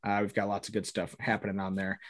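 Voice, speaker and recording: A man's voice: on the low side, monotone, fast talker. A man hosting a sports podcast, chatting casually and rambling with jokes and fillers. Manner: rambling, joking, lots of fillers. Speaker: podcast host.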